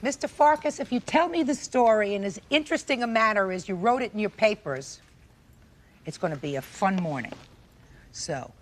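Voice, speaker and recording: A woman presiding as judge on a televised courtroom show, brisk and commanding. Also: medium pitch, animated, slight background noise. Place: TV courtroom set.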